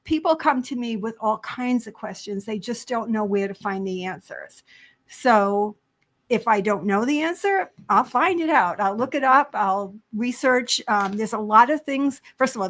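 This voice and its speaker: A woman's voice: mid-range voice, animated, moderate pace, fairly bright tone. An older retired woman volunteering as a community advocate, chatting eagerly and at length in a talk show interview, often laughing. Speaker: library volunteer advocate guest.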